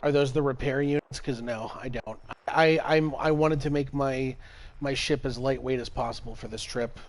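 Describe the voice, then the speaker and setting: A young man giving live commentary while playing a space game, swearing often and swinging between exasperation and excitement. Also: mid-range voice, moderate pace. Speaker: game streamer.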